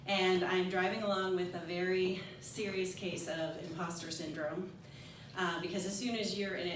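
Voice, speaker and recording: At a live storytelling venue, a woman in her forties shares a personal story on stage, candid and self-mocking with nervous laughter. Her fairly low voice comes from far off in an echoey room with background noise.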